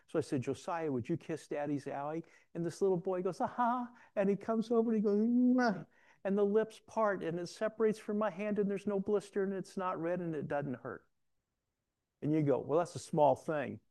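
Gravelly, mellow-voiced male pastor. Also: medium pitch. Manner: conversational, self-deprecating storytelling with frequent restarts. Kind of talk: sermon.

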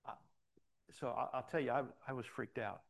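A man's voice: mid-range voice, steady tone, moderate pace, gravelly. An older man, a pastor, preaching a sermon in a conversational storytelling way with frequent restarts.

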